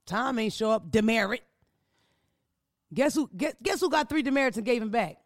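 A woman hosting an advice podcast in a studio, telling stories in a loud, profane, animated way. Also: a little high, normal speed, dry recording. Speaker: podcast host giving advice. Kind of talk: casual comedic chat.

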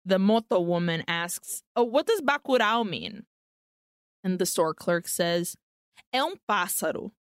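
A woman's voice: on the low side, lively intonation, a little slow, clear, resonant tone, dry recording, clean studio sound. A woman co-hosting a podcast, animatedly retelling a film's plot and acting out the characters' lines. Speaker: podcast co-host. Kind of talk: casual film recap chat.

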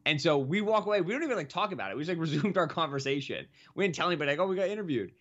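A young man co-hosting a podcast, casually telling a self-mocking story that grows animated. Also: a little high, rapid-fire, muffled recording. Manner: animated, self-mocking, rising to laughing exclamations. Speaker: podcast co-host.

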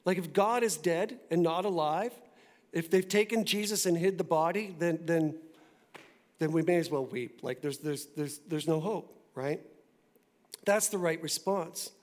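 Animated, high-voiced male pastor preaching. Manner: conversational, animated preaching with quick asides. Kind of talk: sermon. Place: church.

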